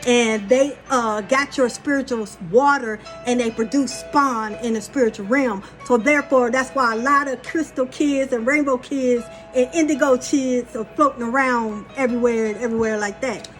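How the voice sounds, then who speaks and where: A woman's voice: fairly high pitch, steady tone, moderate pace, hardly any pauses, faint music behind. A woman rambling through a spiritual monologue, blunt and profane, telling a story in a loose, casual way. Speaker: spiritual channeler.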